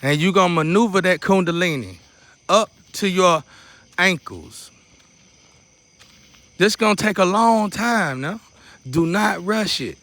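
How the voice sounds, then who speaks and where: A man's voice: sits high, animated, measured pace, long pauses, fairly bright tone, no room sound. Man leading a loose preacherly meditation. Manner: loose and repetitive, preacherly asides. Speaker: spiritual teacher. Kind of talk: casual guided meditation teaching.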